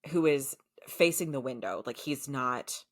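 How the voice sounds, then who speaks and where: A woman co-host from the United States with a strikingly deep, low voice, retelling a show's plot in loose, casual chat. She curses freely and peppers her talk with "like" and "um". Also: animated, measured pace, no room sound, clean studio sound. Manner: chatty, swears freely, heavy use of fillers like "like" and "um". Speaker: podcast co-host. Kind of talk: casual chat recapping a show.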